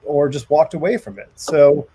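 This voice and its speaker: A man hosting a podcast, asking casual questions in a halting way with many restarts. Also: fairly high pitch, fairly even intonation, warm tone, slightly rough. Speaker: podcast host.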